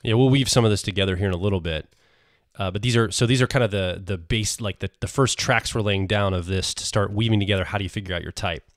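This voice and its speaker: Low-voiced man co-hosting a podcast. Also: fast talker, no echo, studio quality. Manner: talks through ideas with frequent restarts. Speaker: podcast co-host. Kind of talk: conversational podcast explanation.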